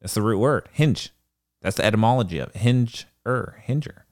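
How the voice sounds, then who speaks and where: A man co-hosting a casual late-night podcast, teasing his co-host in a dry, deadpan way. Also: fairly low pitch, a little fast.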